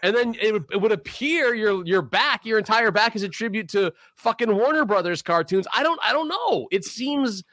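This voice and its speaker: High, lively ranting man. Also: normal speed, few pauses, no echo, clean studio sound. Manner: ranting, sarcastic, swears a lot. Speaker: podcast co-host. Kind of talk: profane casual chat.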